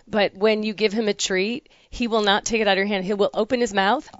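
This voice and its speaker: A woman's voice: mid-range voice, steady tone, brisk, no echo. Woman, podcast co-host, reads listener mail with asides, dry dull recording. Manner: reads letters aloud with chatty asides. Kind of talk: casual podcast chat.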